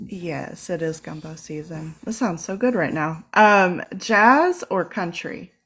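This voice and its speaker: A Southern woman co-hosts an online town hall from a video call. She fires off quick questions in an upbeat, chatty tone and laughs easily between them. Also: fairly low pitch, lively intonation, fairly bright tone, slightly rough. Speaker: co-host asking questions. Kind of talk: rapid-fire interview questions.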